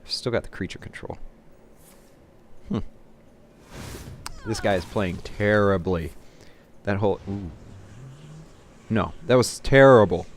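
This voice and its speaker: A man giving live commentary on his own card game, thinking his moves through aloud and getting excited or laughing at his own mistakes at his home computer. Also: fairly low pitch, slow, long pauses, a little hiss or hum. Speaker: gameplay commentator.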